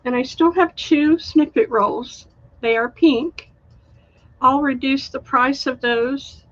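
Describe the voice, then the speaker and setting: A woman hosting a live online craft sale, chatty and unhurried, showing handmade items and reading out winning bidders. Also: high-pitched, steady tone, dull audio. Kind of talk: live online sales stream.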